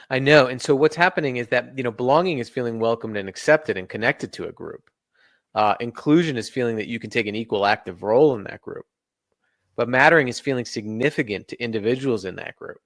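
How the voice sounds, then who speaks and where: A man's voice: medium pitch, no echo, clean studio sound. A man being interviewed on a podcast, explaining his points earnestly and laying them out in order. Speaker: guest.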